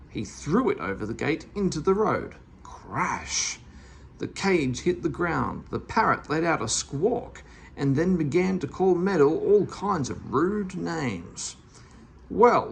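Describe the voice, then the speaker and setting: A reader narrating a classic children's story aloud in an expressive storybook style. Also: medium pitch, creaky, slight background noise. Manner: expressive, animated.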